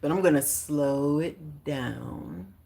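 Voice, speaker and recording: Low-voiced woman in her forties hosting a livestream. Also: takes it slowly, vocal fry. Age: 40s. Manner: lively, animated, with bursts of excitement and slang. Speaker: livestream host and author. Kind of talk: casual livestream chat with affirmations.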